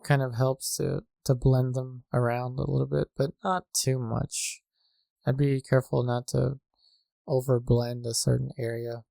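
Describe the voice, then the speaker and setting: Calm gravelly man explaining painting steps. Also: medium pitch, dry recording. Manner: calm, measured, with frequent fillers. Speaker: painting instructor. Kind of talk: tutorial narration. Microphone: desk microphone.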